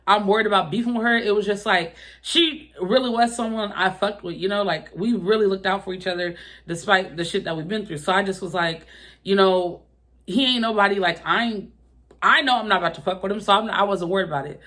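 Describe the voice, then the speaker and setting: A young woman retells a personal drama straight to camera, swearing freely and punching key moments with loud, incredulous outbursts. Her voice sits in a middle pitch and moves in a relaxed, conversational rhythm. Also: fairly quick. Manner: profane, animated retelling with exaggerated quoted outbursts. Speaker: storytime vlogger. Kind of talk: casual storytime vlog.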